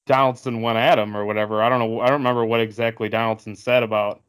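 A man's voice: medium pitch, level tone, quick pace, a bit bright, clear, resonant tone. A man co-hosting a casual sports podcast, rambling with many fillers and restarts. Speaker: podcast co-host.

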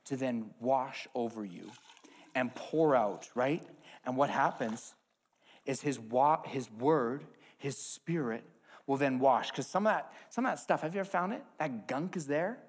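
Man, preacher, sermon, object lesson, animated, hushed to loud. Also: medium pitch, a little slow.

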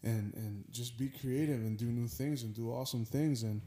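A man's voice: mid-range voice, moderate pace, warm tone. A man sharing reflective thoughts as a guest in a casual round-table talk. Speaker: podcast guest. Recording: roomy echo.

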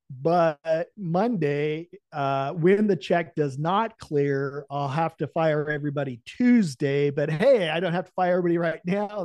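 A man's voice: a little high, dry recording. A man, a podcast guest, telling a personal story and acting out the dialogue with laughs. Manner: animated, acts out the dialogue of his story with lively laughs.

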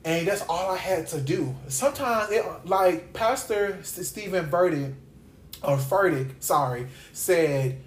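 This podcast host and Bible teacher has a high, expressive voice and talks a little slowly, preaching casually with slangy asides. He repeats phrases to drive points home, and the recording has a roomy echo.

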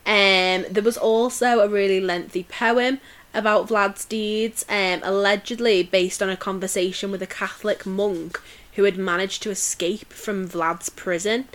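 A woman's voice: mid-range voice, fairly even intonation, a little slow. A woman co-hosting a casual podcast, telling history stories in a chatty way with many fillers and restarts. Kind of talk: casual chat.

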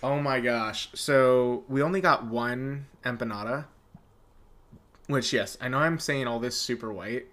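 A man co-hosts a relaxed podcast, chatting with a friend. He tells stories with plenty of energy and laughs often, his voice sitting at an average pitch. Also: measured pace. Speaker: podcast co-host. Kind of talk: casual podcast chat. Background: dog whining.

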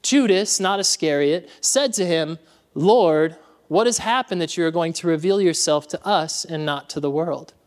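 A man preaching a sermon as pastor in a church. He talks in an animated way, laughs often and calls out to the congregation. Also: on the high side, moderate pace.

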